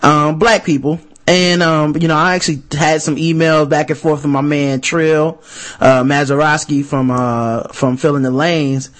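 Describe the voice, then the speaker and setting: A man's voice: on the high side, steady tone, normal speed, a bit bright. A man co-hosting a podcast in casual chat, telling loose, profane stories that he animates with mock voices. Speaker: podcast co-host.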